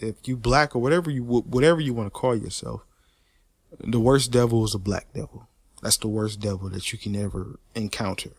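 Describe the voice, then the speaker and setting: Dude ranting hard, gravelly voice, dry sound, cussing a lot. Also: male voice, lowish voice, no room sound. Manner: profane, repetitive, animated. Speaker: podcaster. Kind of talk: unscripted rant.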